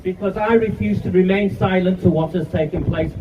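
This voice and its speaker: A man's voice: high-pitched, fairly even intonation, brisk. A man, giving an angry, defiant speech at a street protest. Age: 50s. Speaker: campaigner speaking at a rally. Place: outdoor street rally. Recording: distant, muffled, noisy outdoor recording.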